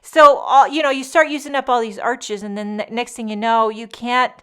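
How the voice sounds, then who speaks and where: With a steady tone and moderate pace, a woman talks through a casual card-making tutorial, joking as she goes. Her voice is a little high, a bit bright, clear and resonant.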